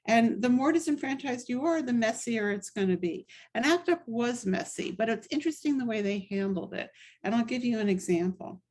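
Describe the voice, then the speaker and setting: Middle-aged woman author telling stories. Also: medium pitch. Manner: conversational storytelling with frequent asides. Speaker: author presenting her book. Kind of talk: book talk presentation.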